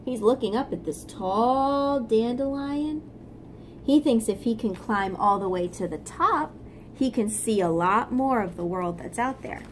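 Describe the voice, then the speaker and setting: A woman reading a picture book aloud to young children, gently stopping to explain things. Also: on the high side, slight background noise. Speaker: storyteller for children.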